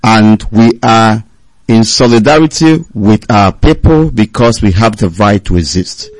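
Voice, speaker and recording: A man's voice: fairly low pitch, lively intonation, unhurried, dry recording, low-quality recording. A man presenting a live radio broadcast, speaking in a declamatory, emphatic way.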